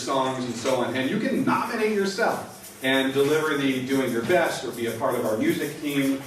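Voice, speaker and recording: A man's voice: medium pitch, slight background noise. A man giving community announcements as an organizer, inviting and a little loose with fillers. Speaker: assembly organizer. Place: large hall. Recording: echoey hall, mic from far off.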